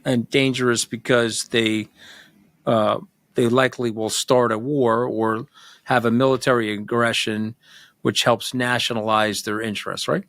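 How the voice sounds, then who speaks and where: A man's voice: medium pitch, level tone, fairly bright tone, no echo. Host, male, interviewer who stammers and restarts, dry close sound. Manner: quick rapid-fire prompts, stammering restarts. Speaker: podcast host. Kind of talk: casual interview.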